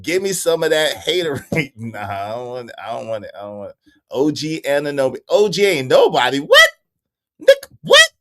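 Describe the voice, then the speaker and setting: A young man hosting a casual livestream, bantering with the chat in animated, repetitive bursts with frequent laughs. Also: mid-range voice, fairly quick. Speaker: livestream host.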